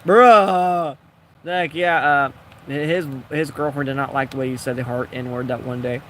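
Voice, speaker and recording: A man's voice: mid-range voice, level tone, moderate pace, fairly bright tone. A man casually telling a rambling, jokey story while building in a game, acting out the people he quotes. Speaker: gaming video creator.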